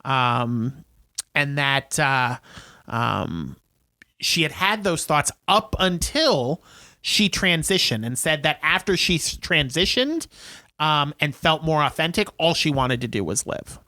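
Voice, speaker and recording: A man's voice: on the high side, expressive, slow pace, pushed and bright, no room sound. A man co-hosting a podcast, casually retelling a film with many fillers and acted-out quotes. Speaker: podcast co-host. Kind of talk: casual chat recapping a film.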